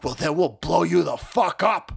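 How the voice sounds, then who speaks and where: A man putting on the voice of a threatening male activist mob, yelling in mockery. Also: on the high side, lively intonation, moderate pace, gravelly, husky, exaggerated voice. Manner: yelling, mocking.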